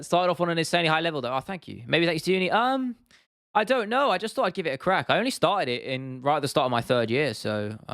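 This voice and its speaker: A man's voice: medium pitch, fairly bright tone, smooth, dry recording, studio quality. A young British man in his twenties, live-streaming casually, rambling, swearing now and then and answering chat comments. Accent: British English. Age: 20s. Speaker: YouTube streamer.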